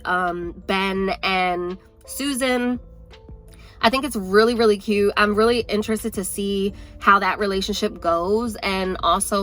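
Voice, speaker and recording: A young woman talks casually to the camera as a book vlogger, her voice at a middle pitch. She rambles along with lots of filler words. Faint music plays underneath. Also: a bit bright. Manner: chatty, rambling, many "like" fillers. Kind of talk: casual chat.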